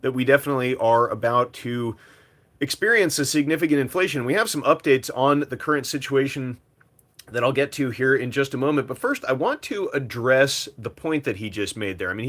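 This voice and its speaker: A man's voice: mid-range voice, a bit bright. Chatty man hosting a commentary video. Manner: conversational, with frequent fillers. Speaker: host. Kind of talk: casual commentary monologue.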